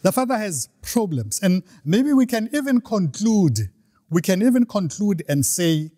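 A male preacher giving a sermon, retelling a parable with animated storytelling and frequent restarts. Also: high voice, measured pace, dry recording, clean studio sound.

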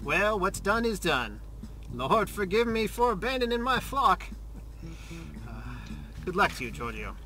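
A resigned weary priest. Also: male voice, high voice, big pitch swings, a little slow, pauses often, sharp tone, heavily acted. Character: weary male priest passenger.

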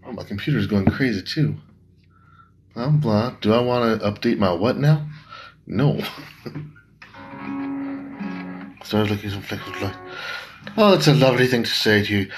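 A man singing to his own guitar on a live stream, then chatting fast and loosely, swearing and laughing between songs. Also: on the low side, low-quality recording. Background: guitar and music.

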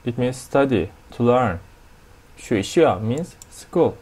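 A male teacher with a Turkish accent walks through a lesson at a whiteboard. He speaks at an unhurried, careful pace and repeats each new word, in a voice of middle pitch. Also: lively intonation, a little mellow. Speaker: language teacher. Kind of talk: explaining a language lesson at a whiteboard.

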